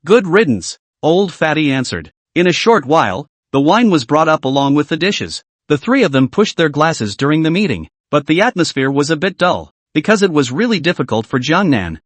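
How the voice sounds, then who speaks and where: Man, story narrator, scripted recap, lively animated pitch, dry close voice. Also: fairly quick, hardly any pauses, no echo. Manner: lively storyteller voicing characters' quotes.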